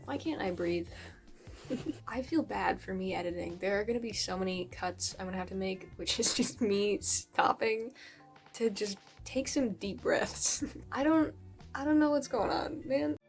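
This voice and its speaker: Casting note: woman vlogger, mid pitch, rambling casual chat, a little breathless, faint music under. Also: measured pace. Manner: rambling, self-deprecating, swears casually. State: often out of breath. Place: at home crafting, later outdoors on a walk.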